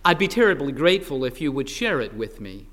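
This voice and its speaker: A man's voice: medium pitch, big pitch swings, brisk, fairly bright tone, in a large hall. A man voicing an eager, nervously polite anthropologist who stammers now and then.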